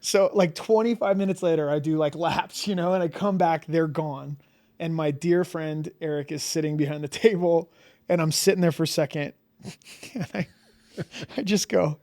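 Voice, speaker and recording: A man telling a story as a podcast guest in a casual, animated way, full of "like" fillers and acted-out reactions. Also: on the high side, normal speed. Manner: animated, many "like" fillers, acts out his own reactions.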